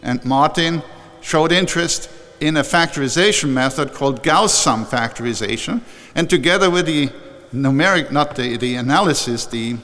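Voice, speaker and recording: An older man giving a warm, conversational acceptance speech at a formal ceremony, often restarting and correcting himself. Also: a little high, normal speed. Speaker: honorary doctorate recipient giving an acceptance speech. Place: large historic chapel hall. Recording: long reverb from a large hall.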